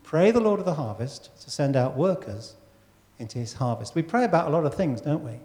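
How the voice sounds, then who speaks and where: Brisk and very animated, this pastor has a slightly high voice with a dark tone. He preaches conversationally, putting questions to his congregation, in a church hall with long reverb.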